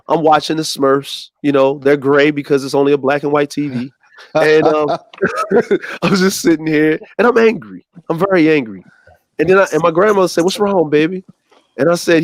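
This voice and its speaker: A man's voice: a little high, no room sound. A man telling a funny story in casual chat, acting out voices as he goes. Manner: animated, acts out voices in his stories. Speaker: co-host.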